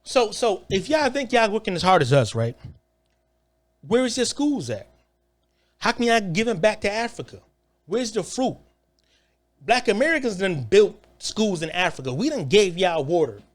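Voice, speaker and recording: Mocking man with a lively, high voice. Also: normal speed, pauses often. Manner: crude, mocking, laughs often. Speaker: commentator reacting to clips. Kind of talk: profane reaction commentary.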